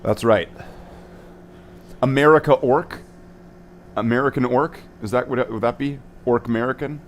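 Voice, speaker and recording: A man's voice: medium pitch, normal speed, slight background noise. A young man streaming from his hobby room, chatting casually and goofily as he paints miniatures, drifting off into silly repeated words. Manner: goofy and playful, sings nonsense and repeats words. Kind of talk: rambling casual livestream chat.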